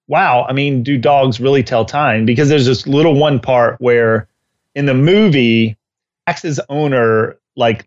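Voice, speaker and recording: A man co-hosting a podcast on dogs talks casually and tells stories with animated energy. His voice sits in a middle range, and the recording is a little muffled and lo-fi. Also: medium pitch. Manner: animated storyteller who acts out scenes. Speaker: dog trainer and co-host.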